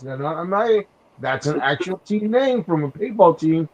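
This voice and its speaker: A man's voice: sits high, lively intonation, brisk, darkish tone. A man chatting casually on a podcast, telling rambling stories full of restarts and "you know.". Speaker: podcast host. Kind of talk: casual chat. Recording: dull lo-fi sound.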